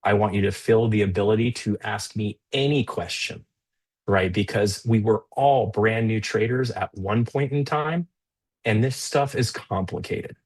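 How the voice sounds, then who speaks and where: A man's voice: lowish voice, unhurried, darkish tone. A man hosting a live trading stream, talking through the market casually with fillers and restarts. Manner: conversational, with many fillers and restarts; stern and scolding toward a rude chatter. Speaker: live trading show host.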